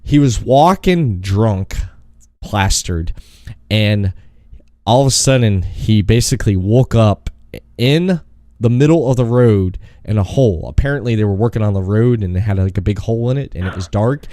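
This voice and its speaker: A man with a low voice hosts a casual interview podcast. He rambles through anecdotes, often pausing to laugh. The sound is dry, with no room echo. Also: expressive, warm tone. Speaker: podcast host.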